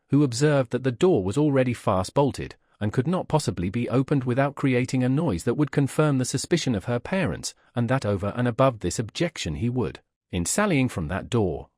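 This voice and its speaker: A man narrating a classic novel as an audiobook, in a measured, expressive storytelling manner. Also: mid-range voice, no room sound, clean studio sound.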